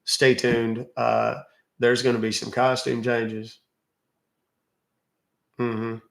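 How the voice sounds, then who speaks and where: Southern guy hosting a livestream, easygoing chat, lots of uhs and ums, mid-pitched, kinda roomy echo. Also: level tone, takes it slowly, gravelly. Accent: Southern American. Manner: chatty, drawling, many fillers. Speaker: livestream host. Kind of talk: casual livestream chat reading comments.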